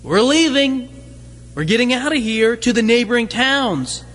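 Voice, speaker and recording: Man acting out Jesus, resolute, husky, high for a man, long hall reverb. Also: animated, a little slow, a bit bright, exaggerated voice. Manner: earnest, declarative.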